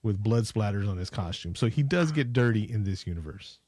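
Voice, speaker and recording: A man's voice: fairly low pitch, lively intonation, darkish tone, no room sound, clean studio sound. Joking male podcast co-host recapping a movie. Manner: jokey, acts out scenes in quick voices. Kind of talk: casual movie recap chat.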